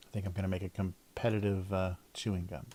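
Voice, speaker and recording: A man's voice: low-pitched, little pitch movement, quick pace, mellow. A middle-aged man chatting casually on a livestream while drawing, rambling, cutting himself off and laughing often. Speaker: cartoonist livestreamer.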